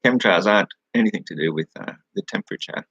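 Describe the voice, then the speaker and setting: A man's voice: fairly low pitch, fast, fairly bright tone, slightly rough, dry recording, highs cut off. An Australian man from New South Wales hosting a casual live chat over a webcam, rambling, swearing freely and laughing at his own remarks. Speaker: live-stream host.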